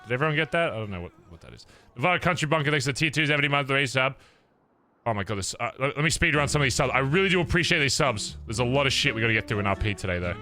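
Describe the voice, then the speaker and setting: An Australian streamer talking loosely to his viewers in a bright, sharp voice. His banter is crude and quick to joke. Faint music sits in the background. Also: medium pitch, animated. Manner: crude, joking, reads out subs. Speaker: livestreamer. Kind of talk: casual stream chat.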